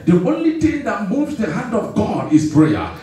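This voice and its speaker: A man's voice: sits high, huge pitch swings, moderate pace, mellow. A man preaching a sermon, urging call-and-response from the congregation and repeating phrases for emphasis. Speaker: pastor. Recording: echoey hall from far off.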